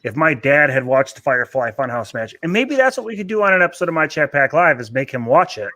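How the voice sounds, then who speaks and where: A man's voice: on the high side, big pitch swings, quick pace, pushed and bright, no room sound. A man co-hosting a casual chat, easygoing, who slips into a sponsor plug. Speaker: co-host.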